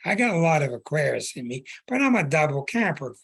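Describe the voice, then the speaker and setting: A man's voice: on the high side, sing-song, fast, gravelly, a bit bright, slightly rough. A man hosting an astrology show, talking in an earnest, preaching monologue, stretching words for emphasis and restarting phrases. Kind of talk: podcast monologue.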